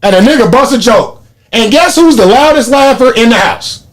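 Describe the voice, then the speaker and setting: A man's voice: extremely high pitch, moderate pace. A man, hosting a podcast and telling profane stories in casual chat. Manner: animated storytelling, profane, laughs often. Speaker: podcast host.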